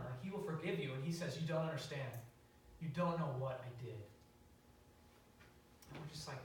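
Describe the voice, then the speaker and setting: A young preacher talks a little fast at a fairly high pitch, recounting a story casually with fillers and restarts. The sanctuary is highly echoey, the mic is distant, and some background noise comes through.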